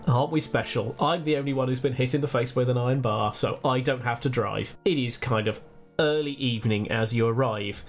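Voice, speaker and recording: A man's voice: medium pitch, soft background music. A man narrating as game master, rambling and self-mocking. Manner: rambling, self-mocking and quick to laugh at himself.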